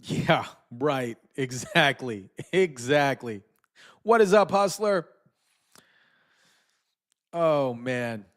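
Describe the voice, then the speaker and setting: A man's voice: medium pitch, lively intonation, extremely slow, long pauses. A man hosting a live stream, casually commenting and mocking with frequent chuckles. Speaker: streamer host.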